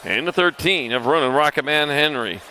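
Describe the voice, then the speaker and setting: A man calling live racing over a PA at an outdoor track, rattling off riders' names in quick, playful bursts. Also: on the high side, lively intonation, bright, forceful tone, slight background noise. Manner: rapid-fire, playful, calls names in quick lists. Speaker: race announcer. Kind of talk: live race commentary. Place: outdoor racetrack.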